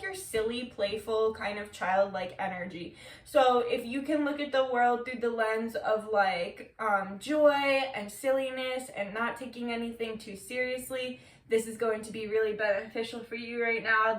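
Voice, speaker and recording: A woman's voice: a little high, fairly bright tone. Chatty woman reading tarot in an echoey room. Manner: chatty, loose, swears freely, many filler words. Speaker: tarot reader. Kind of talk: casual tarot reading to camera. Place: room, seated on the floor. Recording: echoey room, mic at a distance.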